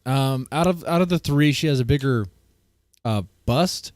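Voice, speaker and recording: A man's voice: medium pitch, normal speed, a little mellow, dry recording, clean studio sound. Rambling man reacting on stream. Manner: rambling, crude, lots of fillers. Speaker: streamer host. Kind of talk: casual reaction commentary.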